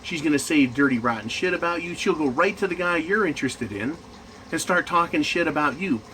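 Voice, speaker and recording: A man's voice: a little high, expressive, brisk, pushed and bright, a little hiss or hum, poor audio. A man in management ranting crudely and mockingly in a profane monologue. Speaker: commentator.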